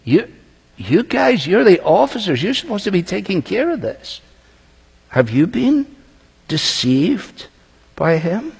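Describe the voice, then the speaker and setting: A man voicing an indignant male Pharisee who scolds his officers in disbelief, in a husky voice with a long hall echo. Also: on the low side, expressive, a little slow, darkish tone, voice pushed down, full character voice. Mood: scolding. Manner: incredulous, scolding.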